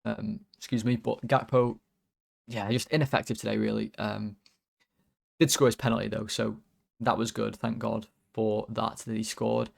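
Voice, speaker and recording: Gravelly low-voiced man ranting about football. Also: little pitch movement, moderate pace. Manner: rambling, exasperated, lots of fillers. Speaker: fan channel host. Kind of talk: casual football player ratings.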